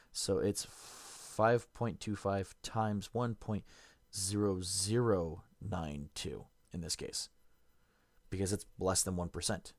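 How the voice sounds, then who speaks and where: A man's voice: fairly low pitch, no room sound. A man streaming a game, casually thinking aloud and correcting himself as he reads and works things out. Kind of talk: casual gameplay commentary.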